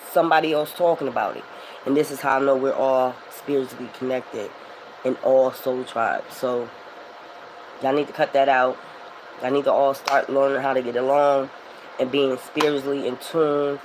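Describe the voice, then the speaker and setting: A woman's voice: low voice, darkish tone, a little hiss or hum, poor audio. Emphatic, swearing woman. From Philadelphia. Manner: emphatic, rambling, swears freely. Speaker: tarot reader. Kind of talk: spiritual vlog monologue.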